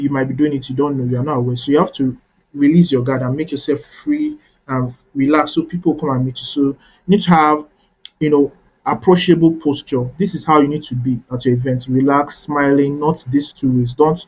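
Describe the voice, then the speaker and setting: A man's voice: mid-range voice, fairly quick, husky, lo-fi sound. A man coaching a webinar audience on networking, teaching step by step and checking in with "right?" after key points.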